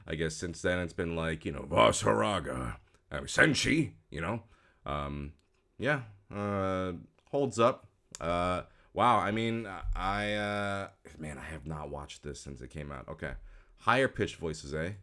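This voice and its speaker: Very deep-voiced man, rambling and frank. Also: animated, a little slow, fairly bright tone. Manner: rambling, frank, full of fillers and restarts; dry, self-mocking. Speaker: voice actor and host. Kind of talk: casual reaction commentary.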